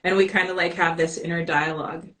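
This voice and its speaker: Low, flat-voiced woman guest. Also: fast, low-quality recording. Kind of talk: casual live-stream chat.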